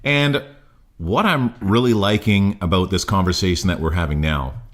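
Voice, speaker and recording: A man's voice: low-pitched, normal speed, a bit bright. A man hosting a casual interview, asking blunt, pushy questions. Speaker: interview host.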